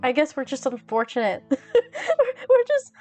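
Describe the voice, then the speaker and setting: Giggly young woman chatting slow to her stream, lively voice swinging all over. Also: high voice, soft background music. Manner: giggly, laughs constantly. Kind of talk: casual chat with viewers.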